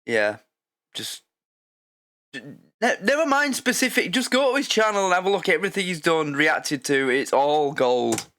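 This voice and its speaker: A man's voice: on the high side, very animated, moderate pace, a bit bright. A man hosting a reaction video, rambling in a casual, sweary way.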